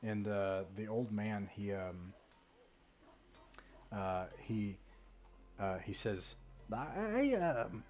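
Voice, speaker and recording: A man's voice: on the low side, drawn-out words, pauses often. A man narrating casually as game master of a tabletop game. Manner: relaxed, casual narration with fillers.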